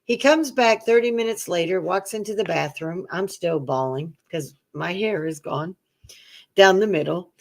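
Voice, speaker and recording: A woman's voice: on the low side, normal speed, creaky. A middle-aged woman, the co-host, telling a long personal story in casual chat and acting out the voices of the people in it. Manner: animated storyteller, acts out quoted voices.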